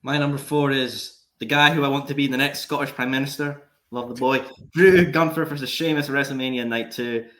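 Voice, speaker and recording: A man's voice: medium pitch, fairly even intonation, brisk, hardly any pauses, a bit bright. A man on a casual podcast who jokes, swears freely and hams up mock drama. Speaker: podcast co-host. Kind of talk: casual chat.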